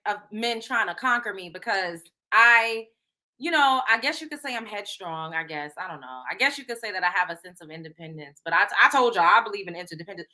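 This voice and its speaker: Animated, slangy woman host. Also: fairly high pitch. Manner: slangy, animated, laughing asides. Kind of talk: casual celebrity gossip commentary.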